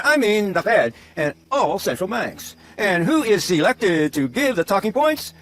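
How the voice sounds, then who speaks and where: High, sing-song sarcastic male commentator. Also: very animated, measured pace, hardly any pauses, a bit bright. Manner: mocking, theatrical swings in emphasis.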